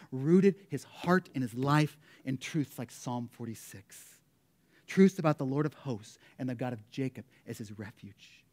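A male pastor preaching a sermon, swinging between loud, emphatic declarations and a hushed, quiet prayer. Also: medium pitch.

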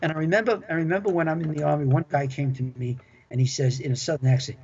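An older man, once a club manager, talks fast in a fairly high, darkish voice with a steady tone. Interviewed on a dull lo-fi recording, he reminisces chattily and enthusiastically about his work, often repeating himself.

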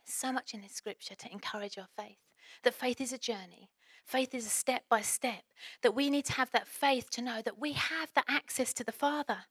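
A woman's voice: on the high side, moderate pace, a bit bright, slightly rough, no room sound, clean studio sound. A woman preaching a sermon as a pastor, earnest and exhorting, firing off rhetorical questions.

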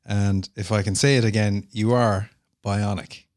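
A man's voice: on the low side, steady tone, a little slow, a little mellow. A man hosting a radio interview, effusive and chatty. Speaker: radio host.

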